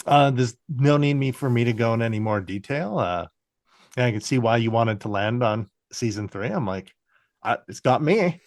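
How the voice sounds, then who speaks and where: A man's voice: mid-range voice, animated, normal speed, no echo. Dry-sounding man in podcast chat. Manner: rambling, stumbling with fillers. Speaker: podcast co-host. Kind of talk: casual chat.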